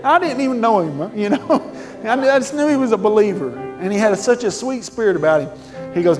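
A middle-aged man preaches in a folksy, storytelling way that swells into fervent emphasis. His voice sits a bit high for a man. The sound carries a long church reverb over clear instrumental music. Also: lively intonation, fairly quick. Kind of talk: sermon storytelling to a congregation. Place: church sanctuary.

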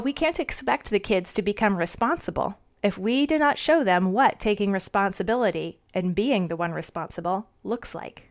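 A middle-aged woman reading her audio blog as a podcast host, cheerful and earnest. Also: mid-range voice.

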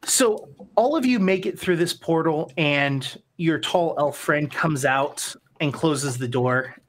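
A woman with a notably low, deep voice runs a tabletop game as its game master. She narrates loosely, wandering through her sentences with plenty of fillers along the way. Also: slow pace. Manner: relaxed, meandering narration with fillers.

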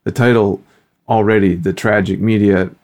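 Co-host, man, very low voice, fumbles and restarts his questions. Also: fairly even intonation, moderate pace, darkish tone. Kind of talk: casual interview questions.

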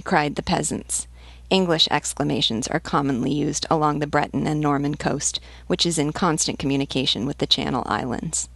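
Audiobook reader, woman, low and gravelly, measured pace, dry close sound. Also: no echo. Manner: measured, deliberate reading. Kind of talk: literary audiobook narration.

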